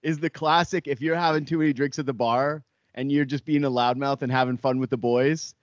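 A man co-hosting a sports podcast in casual chat, animated and jokey, acting out quotes. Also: medium pitch, brisk, no echo, highs cut off.

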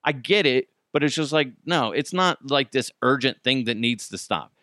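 A man hosts a podcast in a casual, foul-mouthed rant. His pitch swings widely, rising high when he is indignant. The sound is dry and close, with no room echo. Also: lively intonation, moderate pace, pushed and bright. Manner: ranting, swears a lot, laughs. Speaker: podcast host. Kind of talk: casual profane monologue.

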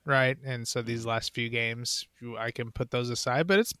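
Laid-back man with a smooth voice. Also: medium pitch, moderate pace, a bit bright, no room sound. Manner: laid-back, laughs often, hedging restarts. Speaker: podcast co-host. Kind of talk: casual sports chat.

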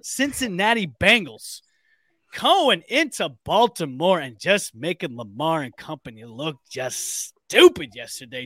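A young man hosting a sports podcast in casual, joking chat with quick bursts of energy. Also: a little high, fairly bright tone, no echo. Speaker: podcast host.

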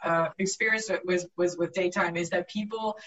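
A woman actress telling lively stories in a casual interview, laughing often. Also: on the low side, normal speed, far from the mic, highs cut off. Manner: animated anecdotes with frequent laughter. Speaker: actress guest.

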